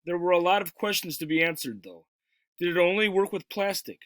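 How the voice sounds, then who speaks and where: A man reading a children's novel aloud in a steady, plain manner with small stumbles. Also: high-pitched, brisk, smooth, no room sound. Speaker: reader. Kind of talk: storybook read-aloud.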